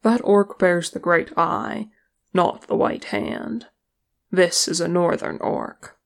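A woman voicing a grave, stern male ranger leader in a fantasy audiobook, speaking in a measured, solemn way. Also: lowish voice, fairly even intonation, vocal fry.

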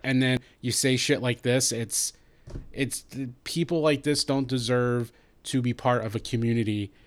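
A man co-hosting a heated podcast discussion. He speaks bluntly and angrily, swearing freely, in a mid-pitched voice. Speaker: podcast co-host.

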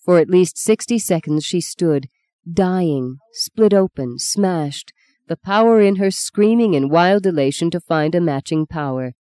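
A woman with a lowish voice narrates a novel as an audiobook reader. The scripted narration is measured and even, and the recording is dry.

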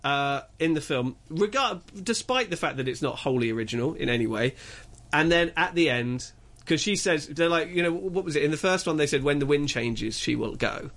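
Animated rambling male film reviewer. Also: fairly high pitch, a little fast, few pauses. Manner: animated, rambling storyteller with many restarts. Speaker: film reviewer on radio show. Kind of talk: casual radio chat.

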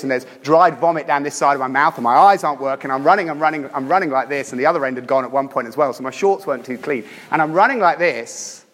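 A man delivers a sermon in a mid-pitched voice, pressing his points with emphatic storytelling. He swings from loud, urgent lines to hushed, intimate ones. His voice rings out with the long reverb of a church hall. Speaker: preacher.

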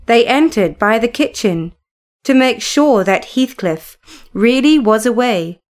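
A woman narrating a classic novel in a measured, even reading voice. She speaks slowly and deliberately, with a fairly high pitch. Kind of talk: scripted storybook narration.

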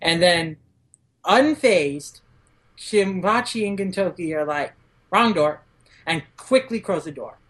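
A woman guest on a podcast recapping a manga chapter in casual chat, using lots of "like" fillers and acting out the characters' lines in quick, raised voices. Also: lowish voice, expressive, fairly bright tone.

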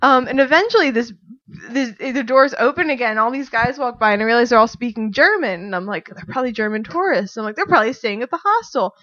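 A woman guest on a podcast chatting casually and telling a story, animated and giggly, acting out what people said. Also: fast, highs cut off. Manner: animated, giggly, acts out quotes in a high voice.

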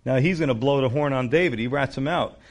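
A man preaching a sermon, reading scripture aloud and breaking off into animated asides to his listeners. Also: mid-range voice, fast talker. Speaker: pastor.

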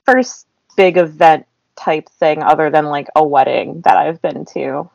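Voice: medium pitch, a little slow, gravelly, dry recording, muffled recording. A podcast co-host in casual chat, talking chattily with lots of filler likes.

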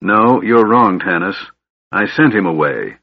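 A man's voice: on the low side, animated, measured pace, vocal fry, no echo, dull audio, heavily acted. A man doing a dying loyal warrior. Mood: pleading. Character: dying young male warrior, loyal twin.

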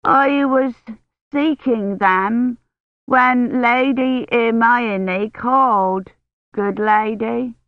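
A reader voicing a sullen, slow-witted medieval servant girl who talks in a halting way. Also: high voice, lively intonation, gravelly, dry recording, narrow, tinny audio, voice pushed up, full character voice. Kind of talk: audiobook character voice.

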